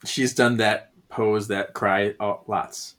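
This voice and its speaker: A man's voice: fairly even intonation, slow pace, a bit bright, a little hiss or hum. A man co-hosting a podcast, chatting about a comic, laughing often and jumping into the characters' lines. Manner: laughs often, acts out lines with big pitch jumps. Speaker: podcast co-host. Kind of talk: casual chat about a comic.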